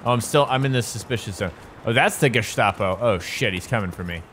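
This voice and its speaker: A young man giving excitable, joking gameplay commentary. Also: on the low side, brisk, a little hiss or hum. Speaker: YouTuber. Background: game music.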